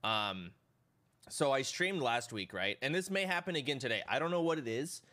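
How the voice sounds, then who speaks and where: A man live streaming, telling his chat a rambling, profane story in a casual, animated way. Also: medium pitch, moderate pace.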